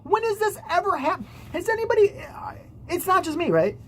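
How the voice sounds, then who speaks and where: A woman's voice: very high-pitched, big pitch swings, a little fast, slight background noise. Sarcastic foul-mouthed woman vlogger. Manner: sarcastic, swears a lot. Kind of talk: casual profane commentary.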